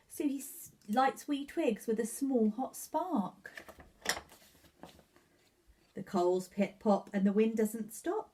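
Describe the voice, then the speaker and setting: Expressive woman reading a children's story. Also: a little high, slow, a little hiss or hum. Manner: expressive, rhythmic sing-song reading. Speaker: nursery staff reader. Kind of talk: children's storybook read-aloud.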